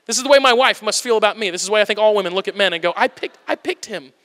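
A man in his thirties preaches with an animated, self-mocking humor and a very high, bright voice. His words carry a long reverb tail from a large church sanctuary. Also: very fast. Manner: animated, joking and self-deprecating. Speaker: pastor. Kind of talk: humorous sermon.

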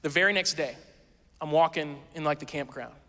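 A man preaching a sermon, telling a story in a casual, self-mocking and animated way. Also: a little high, a little fast, big-room sound. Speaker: pastor.

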